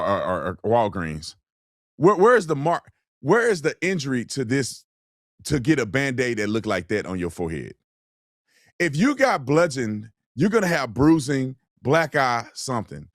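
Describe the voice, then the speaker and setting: A man's voice: mid-range voice, no echo, studio quality. A man giving blunt, mocking, heated commentary on video clips, with slangy, colloquial speech. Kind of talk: opinionated commentary.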